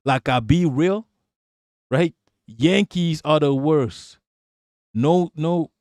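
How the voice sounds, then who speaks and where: A male live streamer with a somewhat high voice rants at his chat in a loose, rambling, profane flow. He is blunt and laughs often between remarks. The sound is dry and close, with little room around it. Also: takes it slowly, darkish tone, no echo. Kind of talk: live-stream political commentary.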